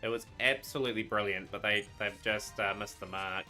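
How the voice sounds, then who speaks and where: A man casually commenting while he streams a card game, rambling and trailing off into quiet asides. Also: fairly low pitch, fairly even intonation, a little fast. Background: game music.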